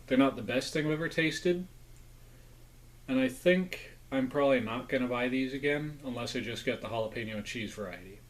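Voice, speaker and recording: A man's voice: mid-range voice, rough recording. This is a man with an ordinary mid-range voice, talking casually to his viewers as he reviews junk food. He rambles, corrects himself, and sometimes speaks through a mouthful of food. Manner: rambling, chatty, talks with mouth full.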